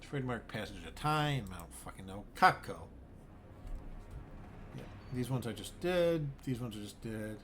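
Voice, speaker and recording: A man's voice: medium pitch, animated, moderate pace, a little hiss or hum. A man streaming a zoo-building game, musing aloud in a bemused, rambling way and swearing freely. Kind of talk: casual gameplay commentary.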